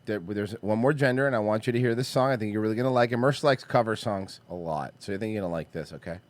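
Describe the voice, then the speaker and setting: A man's voice: lowish voice, fast talker. A man hosting a casual comedy podcast, teasing and sarcastic with his co-hosts. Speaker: podcast host.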